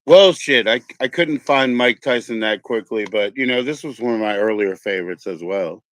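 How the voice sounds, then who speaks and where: A man's voice: on the low side, normal speed, a bit bright, dry recording. Chill california guy rambling on his stream, swears casually, dry close sound. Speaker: streamer host. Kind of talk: casual chat.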